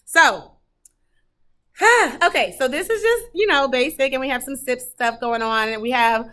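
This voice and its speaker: A woman's voice: high-pitched, lively intonation, measured pace, a bit bright. A woman who teaches third grade, giving a heartfelt, rambling tour of her classroom, talking casually with lots of fillers. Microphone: camera she carries while touring.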